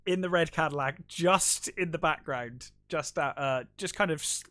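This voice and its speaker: A man's voice: fairly high pitch, moderate pace, sharp tone, no room sound. Man acting out film scenes in review. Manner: retells scenes acting out lines, many fillers. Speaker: podcast co-host. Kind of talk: casual film review chat.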